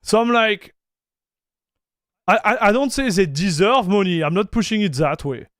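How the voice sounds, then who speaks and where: A man, hosting a casual livestream chat, animated and stammering, calling his viewers bro and dude. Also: sits high, normal speed, no room sound, clean studio sound. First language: French. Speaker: livestream host.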